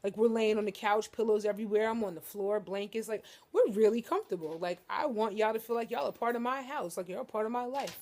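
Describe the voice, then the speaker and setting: A woman's voice: medium pitch, quick pace, few pauses, darkish tone. A young woman vlogging casually from her living room couch, joking and talking straight to her viewers. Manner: joking, playful, addresses viewers as y'all. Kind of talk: casual chat to camera.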